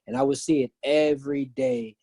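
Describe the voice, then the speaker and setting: Earnest male pastor guest, warm low-key tone, dry recording. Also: moderate pace, no echo. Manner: earnest, animated when retelling. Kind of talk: casual storytelling.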